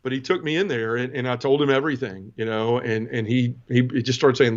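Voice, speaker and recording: A man in his forties, a podcast guest, telling his personal conversion story earnestly and emotionally, with many halting restarts. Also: mid-range voice, fairly even intonation, highs cut off.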